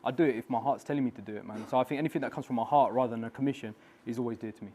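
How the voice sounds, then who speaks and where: Man, rapid speech, mid pitch, slangy animated studio chat. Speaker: artist guest. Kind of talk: casual interview chat. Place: live studio.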